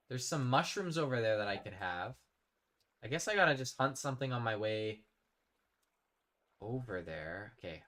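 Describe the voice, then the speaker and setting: A man's voice: medium pitch, pushed and bright. A man chatting casually while live-streaming a game, rambling and reading out his chat. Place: home streaming setup.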